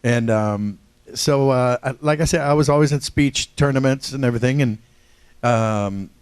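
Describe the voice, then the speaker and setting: A man's voice: medium pitch, moderate pace, clean tone, no room sound. An older man from Ohio, a voice actor telling stories as a convention panel guest, joking and self-deprecating and often laughing. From Ohio, USA. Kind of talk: casual storytelling.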